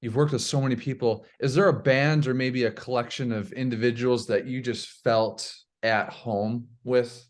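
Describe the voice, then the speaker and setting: A male podcast host in a casual interview, with a medium-pitched, ordinary voice. He asks long, searching questions and breaks in only with short responses. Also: steady tone, normal speed, hardly any pauses.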